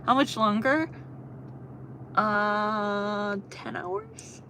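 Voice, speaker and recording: A young woman streams from her car on a road trip, chatting casually with her viewers at a middling pitch. She tells a rambling story and laughs often. A faint hum of noise sits under her voice. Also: drawn-out words, pushed and bright. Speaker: livestreamer reading chat. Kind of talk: casual chat.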